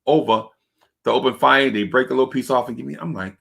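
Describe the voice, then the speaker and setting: Gravelly, bright-voiced man hosting a livestream. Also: fast. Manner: acts out other people's voices in his stories, high-pitched and excitable. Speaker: host of a fan livestream show. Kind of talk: animated storytelling and casual chat.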